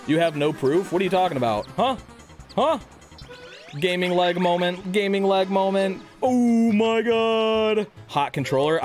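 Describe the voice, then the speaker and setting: A young man streaming a video game live, chattering crudely, reading chat aloud and bursting into loud shouts. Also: a little high. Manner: reads chat aloud and jokes with viewers.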